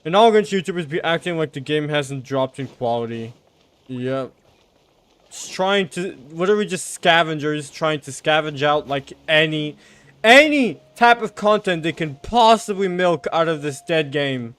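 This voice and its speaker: A man streaming a game, giving casual commentary with sarcastic remarks, frequent swearing and excitable outbursts. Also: on the high side, normal speed, clean tone.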